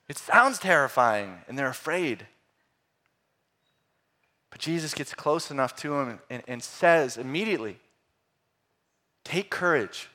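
A middle-aged man preaches with a slightly high voice. He is animated, rising to loud exclamations and then dropping to hushed, quiet phrases. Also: normal speed. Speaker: pastor. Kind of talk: sermon.

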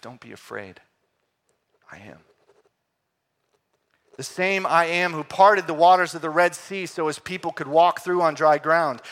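A middle-aged man preaches with a slightly high voice. He is animated, rising to loud exclamations and then dropping to hushed, quiet phrases. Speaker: pastor. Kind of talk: sermon.

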